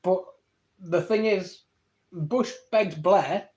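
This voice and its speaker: A man's voice: high voice, a little mellow. A man with an English accent on a live stream, arguing his points to viewers and answering their comments. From England. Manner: argumentative, rapid back-and-forth rebuttals; reads viewer comments aloud and answers them. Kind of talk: live-stream debate with chat.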